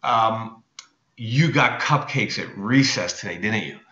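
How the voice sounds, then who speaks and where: A man voicing a loving mother who gently coaxes her daughter with cheerful questions. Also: on the low side, animated, takes it slowly, full character voice. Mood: fond. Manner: warm, coaxing questions. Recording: roomy, dull lo-fi recording.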